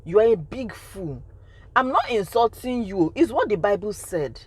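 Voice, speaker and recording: Nigerian lady in her 30s, lively storytime vlog, close dry sound, keeps repeating herself for effect. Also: medium pitch, moderate pace, slightly rough, no room sound. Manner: emphatic, repeats phrases for effect. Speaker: vlogger.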